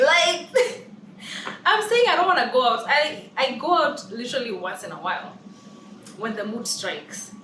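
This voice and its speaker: Speaking in a mid-range voice, this young woman with a Kenyan accent shares opinions in a casual vlog, hammering points by emphatically repeating phrases. There's background noise, and the sound is roomy and distant since only the camera's own mic is used, no external one.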